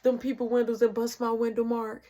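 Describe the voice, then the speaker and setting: A woman's voice: on the high side, completely flat delivery, a little fast, dark tone, lightly acted. A woman voicing a furious, hot-tempered mother who curses and threatens her son. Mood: scolding. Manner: cursing, threatening, menacing.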